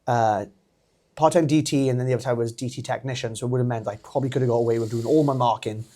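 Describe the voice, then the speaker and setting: A man in his thirties with a Welsh accent, a wrestler telling his story as a podcast guest, animated and laughing often. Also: medium pitch, quick pace. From Wales. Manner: animated, laughs often, acts out quoted voices. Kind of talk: casual storytelling interview.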